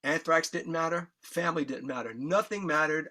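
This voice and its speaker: A man's voice: a little high, normal speed, bright, forceful tone. Emotional New man telling his story. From New York. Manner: earnest, candid, swears freely, emotion audible in voice. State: choked up. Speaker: guest musician.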